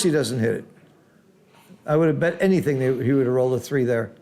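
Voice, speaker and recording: A man commenting live on a board game match, reacting loudly to big swings and then explaining the strategy patiently like a teacher. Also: mid-range voice, fairly quick, gravelly. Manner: excitable, exclaims loudly at big rolls, then explains calmly.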